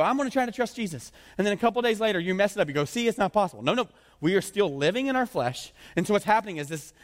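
A pastor delivers a sermon in a high voice, chatty and animated, now and then sinking low and intense. His words ring out with a long reverb in a church hall. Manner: conversational, animated, often drops to a low intense voice.

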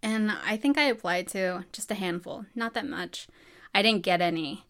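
A woman's voice: mid-range voice, moderate pace, a bit bright. A woman from New Mexico telling her own story in a casual, chatty way, full of fillers and acted-out dialogue. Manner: chatty, many fillers, acts out quoted dialogue.

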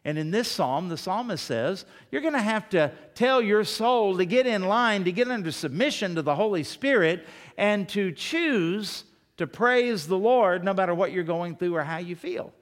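A middle-aged man preaching a sermon as pastor, emphatic, his voice climbing high when he presses a point. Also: expressive, normal speed.

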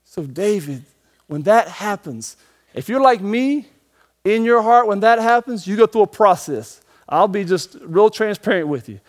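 A man preaching a sermon as pastor, moving between emphatic and hushed moments and slowing down to read scripture. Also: high-pitched, animated. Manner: dynamic preaching, swings from emphatic to hushed, slow scripture reading.

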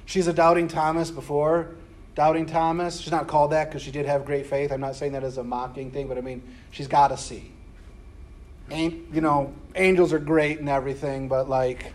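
Higher-voiced male preacher teaching scripture casually, keeps checking in with "right?". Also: darkish tone. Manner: conversational, peppered with "right?" and slangy asides. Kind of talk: casual Bible class lecture.

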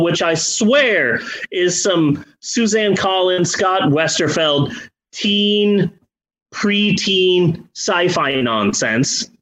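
High-voiced man ranting exasperatedly. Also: fairly bright tone, rough recording. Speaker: podcast co-host. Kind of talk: casual podcast chat.

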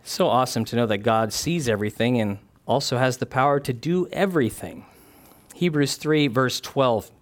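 A man preaching a sermon, animated, dropping his voice low and soft when he acts out quoted lines. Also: moderate pace.

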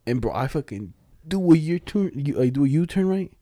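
A young man in casual chat, spinning stories in loose slang and acting out every quote. His voice is very dark and mellow, recorded close and dry. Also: fairly high pitch, lively intonation, brisk, no echo. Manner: slangy storytelling, acts out quotes.

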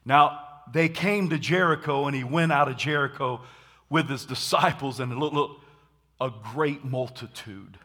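A man preaching a sermon, animated, acting out scenes and shouting dramatically. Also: medium pitch, a little slow.

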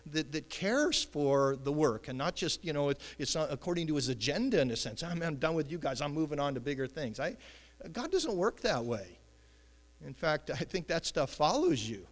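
Guy preaching, lively, acts out voices, big echoey hall. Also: a little high. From United States. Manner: animated, acts out voices, chuckles. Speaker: pastor. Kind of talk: sermon. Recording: long hall reverb.

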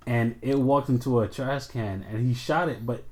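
A man's voice: mid-range voice, normal speed. Young man swearing through gaming stories. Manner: profane, animated storyteller. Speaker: podcast co-host. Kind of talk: casual gaming chat.

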